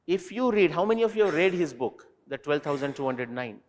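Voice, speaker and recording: A man answering student questions at a university talk, animated and digressive, turning to quiz the audience directly. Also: on the high side, brisk, in a large hall. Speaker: invited speaker. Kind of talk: lecture Q&A with students. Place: university lecture hall.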